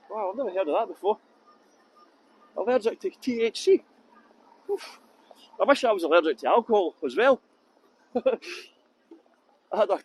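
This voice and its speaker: High-voiced chatty tour guide. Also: male voice, slightly rough, poor audio. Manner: chatty, jokey, laughs often, answers viewer comments. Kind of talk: live-streamed walking tour, chatting with viewers. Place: outdoors on city streets. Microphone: handheld phone.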